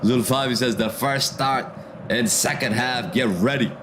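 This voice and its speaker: A man hosting a football watchalong stream, reading viewer comments aloud and reacting to the match in a relaxed, slangy way. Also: mid-range voice, a little slow, noisy background. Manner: reads viewer comments aloud and answers them, calls out match action, slangy "bro". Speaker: livestream host reading chat during a football watchalong. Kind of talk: casual live commentary and chat reading.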